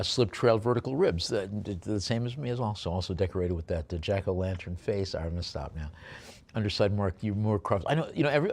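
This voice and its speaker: A man working as an auctioneer, calling bids at a live sale. He describes each lot with many hesitant fillers and drops joking asides between bids. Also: fairly low pitch.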